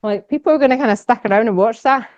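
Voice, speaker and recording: Talking very fast in a fairly high, slightly mellow voice, a young woman with a Scottish accent addresses a society audience as a guest speaker. The casual conference talk is enthusiastic and rambling, packed with fillers and laughter, and the dry, somewhat dull recording has no room sound.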